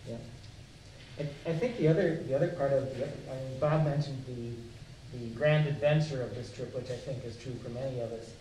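A man in his sixties recalling a youth expedition on a live panel, halting with restarts and fillers. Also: medium pitch, mellow, slight background noise. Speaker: former expedition member. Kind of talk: panel reminiscence. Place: museum event hall. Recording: echoey room, mic at a distance.

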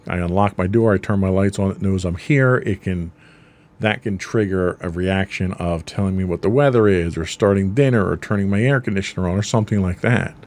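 A man's voice: deep voice, a little fast, darkish tone. A man co-hosting a podcast, casually explaining ideas with everyday examples and frequent ums. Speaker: podcast co-host.

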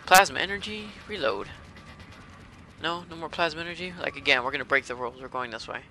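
A man commentating a horror game as he plays it, profane and excitable, often shouting at enemies. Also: on the high side, fast. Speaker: gamer playing a horror game. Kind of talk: let's play commentary. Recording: game sound and noise behind.

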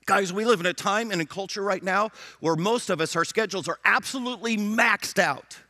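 A man's voice: high voice, brisk, bright, forceful tone, dry recording, studio quality. A middle-aged man preaching a sermon as pastor, emphatic, repeating his phrases and acting out prayers and dialogue.

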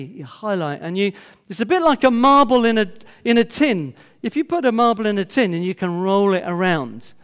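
Older guy preaching in church, pretty high voice, chatty, asks the room questions, long reverb. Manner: conversational, asks the congregation questions. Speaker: pastor. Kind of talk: sermon. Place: church hall.

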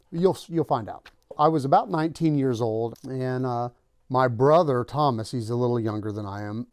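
A man's voice: medium pitch, a little mellow, dry recording, clean studio sound. A man hosting his own channel, casually telling a personal story and acting out the lines of the people in it. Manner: conversational, acts out quoted lines. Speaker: channel host.

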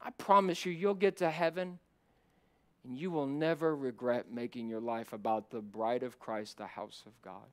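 A middle-aged man preaching a sermon as a pastor, surging from loud emphatic climbs to low quiet asides. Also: steady tone, normal speed. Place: church sanctuary.

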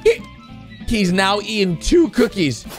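A young man with a high, very lively voice reacts to cartoons as the host, swinging from chatty commentary to sudden shouts. Faint music plays underneath. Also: takes it slowly. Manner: excitable, shouts and gasps at surprises, talks to viewers.

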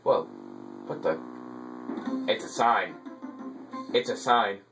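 A man giving casual gameplay commentary as a let's play gamer, excitable and quick to mock his own frustration. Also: on the low side. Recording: distant mic with game music behind.

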